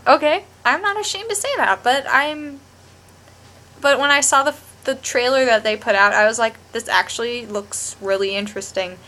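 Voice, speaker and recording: A woman's voice: on the high side, moderate pace, pushed and bright. A young woman vlogging a rambling, gushing TV review with lots of restarts. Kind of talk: casual chat to camera.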